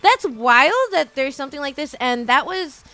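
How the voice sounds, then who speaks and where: A woman's voice: sits high, moderate pace, bright, forceful tone. A woman hosting a charity stream, chatting casually and rambling with lots of fillers. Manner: rambling, filler-heavy, with emotional outbursts. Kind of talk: casual chat.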